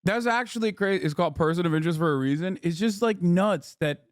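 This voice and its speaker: Loud exasperated male streamer. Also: high voice, fast talker, no room sound, studio quality. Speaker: streamer reacting to a video. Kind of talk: loud reaction commentary.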